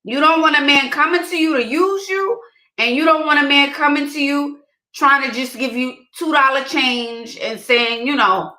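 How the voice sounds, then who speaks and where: Talking at a moderate pace, a woman with a high-pitched, pushed and bright voice offers casual dating advice to her viewers directly to camera. She stresses and repeats her key points, with a roomy echo in the recording.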